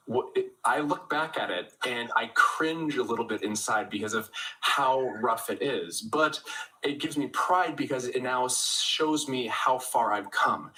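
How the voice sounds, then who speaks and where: A man's voice: medium pitch, sharp tone, distant mic, low-quality recording. A man answering as a guest on a livestream interview, earnest and motivational. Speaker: guest creator.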